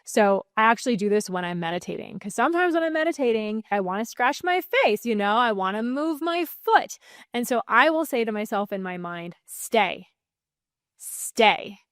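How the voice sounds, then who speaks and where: A woman sleep coach teaching calming techniques in a soothing, gently firm way, with light laughs between points. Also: a little high, no echo, studio quality. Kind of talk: calm self-help teaching to camera.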